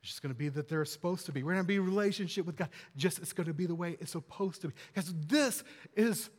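A man's voice: high voice, fast talker, in a large hall. A man preaching a sermon as a pastor, earnest and conversational, repeating phrases and rising for emphasis.

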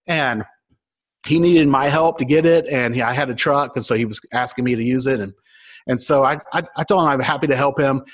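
A man's voice: medium pitch, a little fast. A man in his thirties giving a sermon, telling a personal story with humor and acting out the voices of people in it. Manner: storytelling, acts out quoted voices, self-mocking. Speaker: pastor.

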